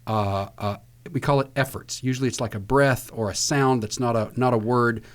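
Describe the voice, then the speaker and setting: A man from the US South hosting a podcast, swapping lively show-business stories in a relaxed, chatty way. He is a middle-pitched talker who speeds up and slows down as he acts out the people in his tales. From Virginia, US South. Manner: animated anecdote teller, acts out quotes. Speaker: podcast host and voice actor. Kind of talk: casual storytelling chat.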